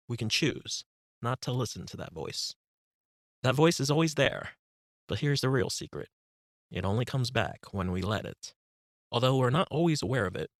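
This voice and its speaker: A man narrating a self-help audiobook as a meditation guide, giving calm, instructive breathing cues close to the mic. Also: medium pitch, no room sound.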